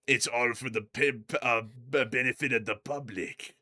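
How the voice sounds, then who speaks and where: A man hosts a casual livestream news rundown, joking as he goes and tripping over his words. His voice is bright and forceful. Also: mid-range voice, steady tone, moderate pace. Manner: jokey, loose, stumbles over words. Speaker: host of a war news livestream.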